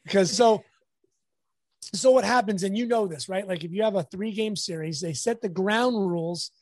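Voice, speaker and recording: A man's voice: high-pitched, moderate pace, dry recording. A man, a sports photographer, telling stories in a casual interview and acting out the people he quotes. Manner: animated storyteller, acts out quotes.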